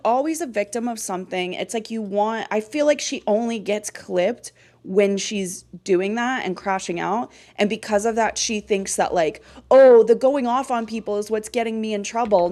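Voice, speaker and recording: A woman co-host in casual chat who talks fast and swears freely as she rants. Her voice sits a little high and leaps around in pitch. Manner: fast, animated ranting with heavy swearing.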